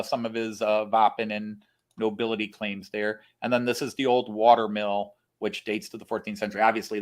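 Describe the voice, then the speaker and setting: Rambling man chatting on a stream. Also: lowish voice. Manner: explains at length, thinks aloud with many fillers. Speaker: co-host of a model railroad live stream. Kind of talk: casual live-stream chat.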